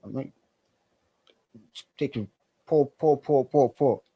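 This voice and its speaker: A man's voice: mid-range voice, takes it slowly, breathy edge, dry recording, highs cut off. A man, a podcast guest telling stories in a loose, profane way and acting out the people in them. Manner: animated, profane, acts out quoted voices. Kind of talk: casual storytelling.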